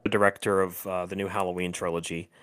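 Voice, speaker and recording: Niski męski głos, pełen wahań. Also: male voice, deep voice, flat delivery, a bit bright, smooth. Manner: halting, many fillers and restarts, laughs often. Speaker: podcast co-host. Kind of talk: casual chat.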